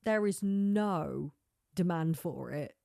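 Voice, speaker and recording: A lower-pitched woman talks through her solo podcast in a loose, rambling way, stacking filler words and breaking into laughs. Her voice is close and dry, with almost no room sound. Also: animated, takes it slowly, vocal fry, mellow, no echo. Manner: chatty, rambling, peppered with "like" and laughs. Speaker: podcast host. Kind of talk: casual solo podcast chat.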